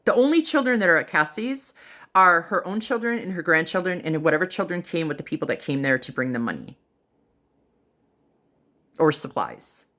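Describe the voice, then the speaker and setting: A woman with a somewhat low voice retells a personal story on a livestream. She talks in a loose, unhurried way, with fillers and pauses, and she acts out what other people said. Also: sing-song, fairly bright tone. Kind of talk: casual first-person storytelling.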